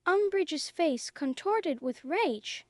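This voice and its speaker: A woman narrating a story in a slow, clear, even reading for English learners. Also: extremely high pitch, no room sound, clean studio sound.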